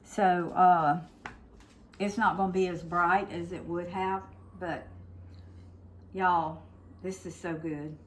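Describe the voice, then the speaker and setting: A woman's voice: on the low side, steady tone, takes it slowly, pauses often, a little hiss or hum. An older woman, hosting a casual home cooking demo in her kitchen and chatting straight to her viewers. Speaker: cooking show host.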